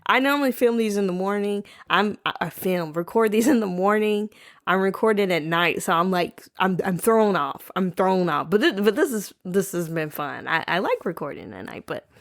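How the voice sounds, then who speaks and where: Lady rambling on her podcast, playful, dry close sound, middle pitch. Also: lively intonation, brisk, dry recording. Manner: chatty, rambling, playful, calls listeners baby and y'all. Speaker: podcast host. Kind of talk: casual solo podcast chat. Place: home, recording at night.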